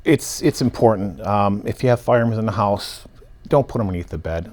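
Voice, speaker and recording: A man's voice: on the low side, lively intonation, a little fast, darkish tone. A man working as an evidence technician, explaining step by step in short listed phrases during an interview. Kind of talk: interview answers.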